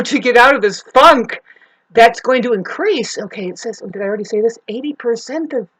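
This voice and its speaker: A woman delivering a rambling spiritual monologue from home, swearing and breaking into emphatic outbursts. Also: medium pitch. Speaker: spiritual astrology vlogger.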